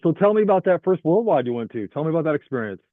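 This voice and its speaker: A man's voice: a little high, sing-song, racing, no echo. A man hosting a podcast, asking his guest questions and giving brief acknowledgments. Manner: brief backchannel listener. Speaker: podcast host. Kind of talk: interview questions. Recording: dry, tinny phone-like line.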